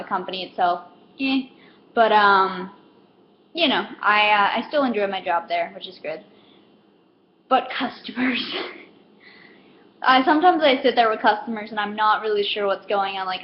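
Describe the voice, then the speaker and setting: Speaking at a medium pitch and a measured pace with long pauses, this young female comedic vlogger delivers a loose, stand-up style monologue. She rambles, leans on fillers, and performs the parts of customers. The audio is lo-fi, dull and roomy, carrying a faint hiss.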